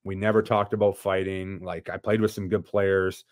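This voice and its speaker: A man chats as a podcast guest with a low voice, recorded dry and close. He tells stories loosely, restarting sentences and filling with "like." The talk is casual and unscripted. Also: level tone, moderate pace, darkish tone, no room sound. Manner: storytelling, frequent restarts and "like" fillers. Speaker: podcast guest, former hockey player.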